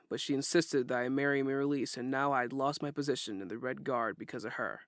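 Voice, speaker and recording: A man narrating a first-person audiobook in a steady, plain storytelling way. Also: medium pitch, fairly quick, few pauses, no room sound, studio quality.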